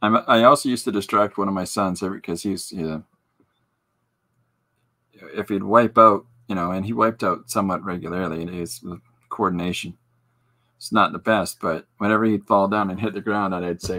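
A man in his forties with a low, husky voice chats casually on his podcast. He rambles through self-deprecating stories, stumbling over restarts and fillers and breaking into laughs. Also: bright, forceful tone. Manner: halting restarts with many fillers. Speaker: podcast host and artist. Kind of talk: casual storytelling chat.

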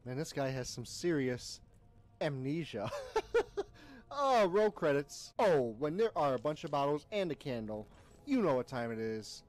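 A man's voice: mid-range voice, normal speed. A young man streaming a horror game, commenting with jokes, yelps and laughs. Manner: animated, jokey, frequent yelps and laughter.

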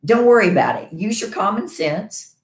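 A woman's voice: mid-range voice, big pitch swings, moderate pace. A middle-aged woman hosting a wellness show, coaching her viewers in a casual, upbeat way and often checking in with "right?". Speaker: wellness show host and health provider. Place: her home. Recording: echoey room.

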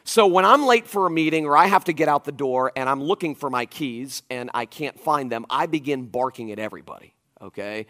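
A man in his forties preaching a conference sermon, telling stories in an animated, emphatic way with frequent asides to the audience. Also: medium pitch, a little fast. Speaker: pastor. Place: church auditorium.

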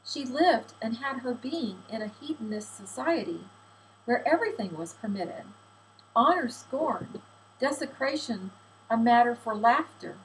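Lady reading a book aloud, measured and expressive, bit high voice, faint hum behind. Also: rough recording. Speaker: audiobook reader. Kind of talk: audiobook narration.

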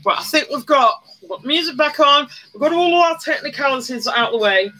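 A chatty livestreamer with a high, bright voice, talking casually while doing makeup. They greet viewers one after another and hum along. Faint music plays in the background. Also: expressive, fairly quick.

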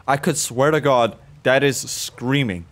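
A man's voice: medium pitch, a little slow. A young man of about twenty, swearing and ranting in exasperation as he plays and comments on a horror game. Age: around 20. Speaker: gaming video creator.

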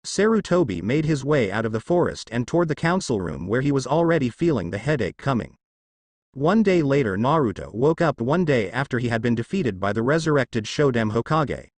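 A man narrating a fanfiction story in a steady storytelling way. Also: medium pitch, no echo.

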